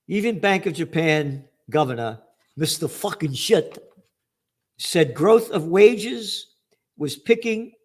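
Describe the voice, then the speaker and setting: An older man hosting a news commentary, ranting angrily and profanely, with sarcastic emphasis as he reads out headlines. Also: sits high.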